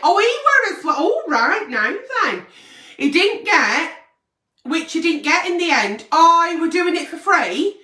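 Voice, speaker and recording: A woman's voice: very high voice, very animated, measured pace, pushed and bright, far from the mic. A woman hosting a late-night agony aunt show, blunt and brash and swearing constantly as she gives advice. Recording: echoey room, away from mic.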